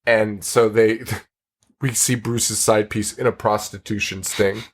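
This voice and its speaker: A man's voice: lowish voice, little pitch movement, slow pace. A man hosting a podcast, recapping a horror film in casual chat, rambling, swearing and laughing often. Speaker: podcast host.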